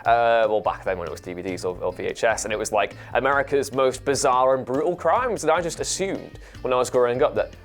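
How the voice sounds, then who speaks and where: A young man with a British accent recounts childhood beliefs in a brisk, casual chat. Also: medium pitch, faint music behind. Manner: brisk, conversational storytelling. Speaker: show panelist.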